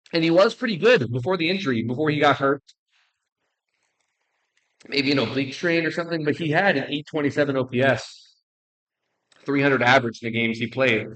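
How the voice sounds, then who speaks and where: A young man in the middle of the male pitch range talks through his player rankings casually. He is blunt and jokey, rambles, restarts his sentences and tosses in quick apologies. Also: a bit bright, low-quality recording. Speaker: baseball video creator.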